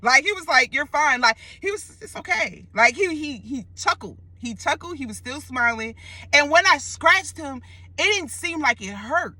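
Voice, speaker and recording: Animated young woman telling a storytime. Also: sits high, normal speed, dry recording. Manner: animated, expressive retelling with profanity and slang. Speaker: storyteller vlogger. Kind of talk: casual storytime vlog.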